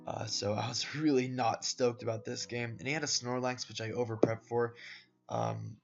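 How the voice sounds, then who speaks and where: A man records a relaxed voice-over for his competitive game matches, rambling through plays with plenty of "uh"s and "um"s. His voice sits in an ordinary middle pitch. The audio is muffled and lo-fi, and a plucked guitar tune plays clearly underneath. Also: moderate pace. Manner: laid-back, rambling, lots of fillers, addresses viewers as "boys" and "guys". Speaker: competitive Pokémon player commentating his own matches. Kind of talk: casual gameplay commentary voice-over. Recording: dull lo-fi audio with background music. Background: soft guitar background music.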